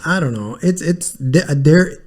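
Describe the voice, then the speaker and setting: A man's voice: on the high side, animated, measured pace, darkish tone. A man co-hosting a podcast in casual chat, laid-back and musing, with short replies.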